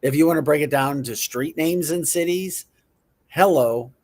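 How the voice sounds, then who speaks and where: A man's voice: on the high side, moderate pace, a little mellow. A middle-aged man hosting a casual chat show, playful, repeating words in mock pronunciations and chuckling often. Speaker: show host.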